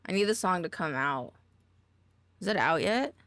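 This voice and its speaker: A woman's voice: lowish voice, lively intonation, normal speed, a bit bright, no room sound. A woman streamer chatting casually, goofy and exclamatory, often swearing and trailing off mid-sentence. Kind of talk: casual live-stream chat.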